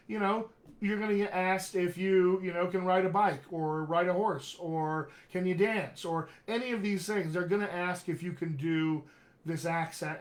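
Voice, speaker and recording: Upbeat guy coaching accents on a live stream, kinda high voice, keeps saying my friends. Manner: chatty, upbeat, calls viewers "my friends". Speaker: dialect coach. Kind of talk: live-streamed teaching session.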